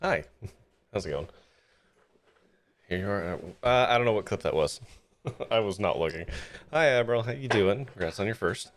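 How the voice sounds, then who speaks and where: A man's voice: fairly low pitch, expressive, normal speed, long pauses. A man streaming a video game live, chatting with his viewers and reading the game's story text aloud into a desk microphone. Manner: chatty, laughs easily, talks to chat and party. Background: game music.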